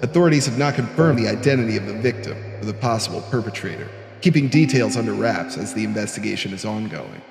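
A young man putting on a lowered, measured newscaster voice to read an in-game news report. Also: animated, vocal fry, reverberant, big-room sound, soft background music. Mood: solemn. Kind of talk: reading an in-game news note aloud.

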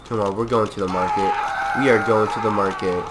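A man's voice: lowish voice, fairly even intonation, brisk, heavy background noise. A man giving goofy, rambling gameplay commentary, playing along in character with mock-serious speeches. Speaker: gameplay video creator.

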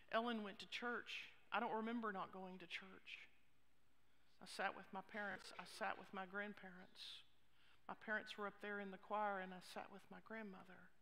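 A woman pastor preaching a sermon, expressive, with hushed asides. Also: medium pitch. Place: church sanctuary. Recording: long reverb of a church hall.

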